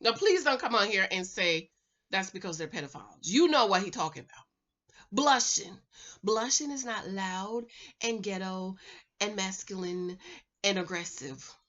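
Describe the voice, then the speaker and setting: A woman from the Caribbean islands chatting casually as a reviewer, reading viewer comments aloud in a loud, playful way, recorded on a camera mic without a microphone. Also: medium pitch, moderate pace. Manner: animated, loud, laughs often, playful. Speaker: YouTube reality-show reviewer. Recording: dull lo-fi camera audio.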